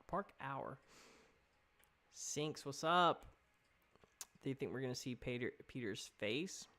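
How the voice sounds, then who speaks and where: A young man talks loosely on his live stream. He rambles and reacts to chat comments as they come in. His pitch is right in the middle for a man. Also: creaky, a bit bright. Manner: chatty, rambling, reading chat aloud.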